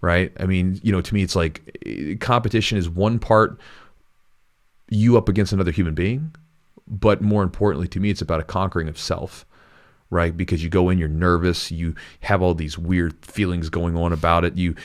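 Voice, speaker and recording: Earnest rambling man, lowish voice. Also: steady tone, moderate pace. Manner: rambling, restarts often, earnest. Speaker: jiu-jitsu coach and podcast host. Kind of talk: casual podcast chat.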